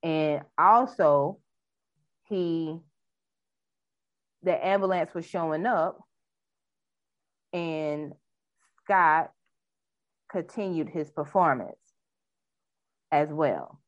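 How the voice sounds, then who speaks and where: A woman with a lower voice reads news reports aloud on a casual talk show, then chats about them loosely. The recording is dull and a bit lo-fi. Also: very slow, pauses often, dry recording. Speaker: podcast co-host reading news.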